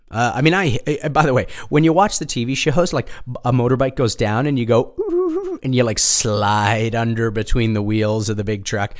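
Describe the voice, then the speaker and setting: A man telling personal stories in a loose, rambling monologue, full of fillers, asides and swearing. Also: lowish voice. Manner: rambling, animated, many fillers and asides, profane. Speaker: storyteller. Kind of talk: casual storytelling monologue.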